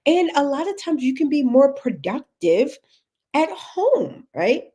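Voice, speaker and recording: A woman's voice: high voice, big pitch swings, measured pace, warm tone. A woman from Texas with a Texan accent, hosting a casual livestream as a career coach, chatty, laughing often and greeting viewers by name.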